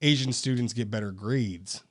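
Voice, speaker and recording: A young man co-hosting a casual podcast chat, animated and laughing a lot. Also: moderate pace. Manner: animated, laughing, swings high in pitch. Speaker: podcast co-host.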